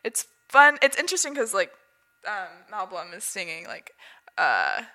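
Bright, gravelly young woman podcaster. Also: medium pitch, sing-song, moderate pace. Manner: chatty, laughs often, many fillers. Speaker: podcast co-host. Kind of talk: casual chat.

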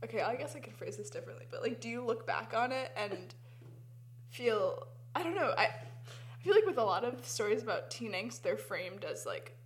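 A woman's voice: a little high, lively intonation, moderate pace. A woman interviewing in casual conversation, thinking aloud and rephrasing her questions as she goes.

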